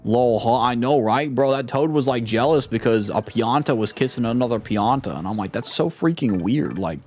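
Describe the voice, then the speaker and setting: A young man narrates his video game playthrough in a loose, joking way, rambling along with slang. His voice sits at an ordinary middle pitch, with faint game music playing underneath. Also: a little fast, darkish tone. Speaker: gaming streamer. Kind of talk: casual let's play commentary.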